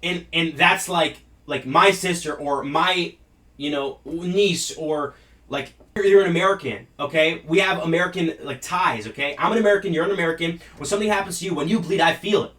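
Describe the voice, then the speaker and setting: A man's voice: a little high, fairly quick, bright, forceful tone, far from the mic. Man ranting profanely about politics. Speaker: show host. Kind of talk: heated political commentary.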